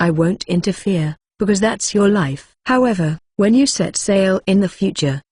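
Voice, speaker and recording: A man's voice: sits high, normal speed, a little mellow, dry recording, clean studio sound. A computer voice of a woman reading a sly, teasing male mentor in an audiobook. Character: sly grown-up male mentor, wicked grin.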